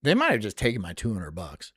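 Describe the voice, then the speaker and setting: A streamer rants through a casual live-stream reaction, swearing freely and breaking into laughs. The pitch swings widely from remark to remark, and the sound is close and dry with no room around it. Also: wildly swooping pitch, fast, fairly bright tone, husky, no room sound. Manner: profane, ranting and venting with frequent swearing; laughs often between remarks.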